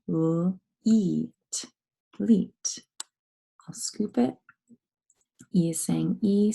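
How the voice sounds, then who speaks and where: A woman teaches early phonics, breaking words into syllables and praising young learners as she goes. Her voice sits low with a slightly husky, gravelly texture. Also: mellow, rough recording. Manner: patient, sounds out letters and syllables, encouraging. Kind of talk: slow, clear phonics lesson for young children.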